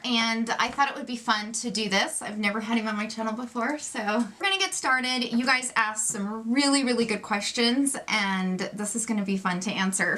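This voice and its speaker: A woman in her forties hosting her own channel, chatty and a little nervous as she talks to camera. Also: on the high side. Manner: chatty, self-described loud, nervous. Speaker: YouTube channel host. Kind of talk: casual chat to camera.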